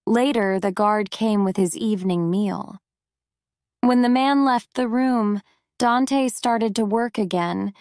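A woman narrating a story for English learners in a clear, deliberate way. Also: mid-range voice, darkish tone, no room sound, studio quality.

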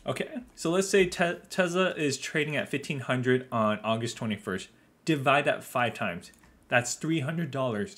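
A man gives casual market commentary for his finance video. He explains things loosely and conversationally, filling pauses with uh and um as he goes, with a mid-range voice. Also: medium pitch, fairly bright tone. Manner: explanatory, loose, with frequent fillers.

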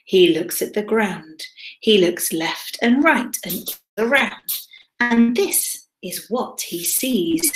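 A woman teacher reading a picture book aloud to young children, animated, with dramatic whispers and gasps. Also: medium pitch, takes it slowly. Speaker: primary school teacher. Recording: echoey room.

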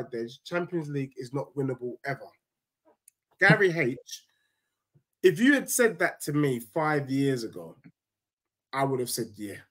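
A young man, co-hosting a casual football debate, emphatic and ranting as a fan. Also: mid-range voice. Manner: animated, emphatic, ranting with rising outbursts. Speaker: football podcast co-host, fan.

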